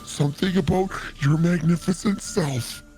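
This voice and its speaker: A man voicing an excitable, simple-minded male adventurer in a tabletop game who talks about himself in the third person. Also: fairly high pitch, normal speed, soft background music, lightly acted. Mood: eager. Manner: childlike, eager, refers to himself by name.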